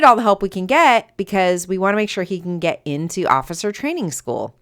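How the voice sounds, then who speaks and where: Middle-aged woman, podcast host, low voice, animated personal storytelling with acted-out dialogue. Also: brisk. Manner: animated, acts out quoted dialogue.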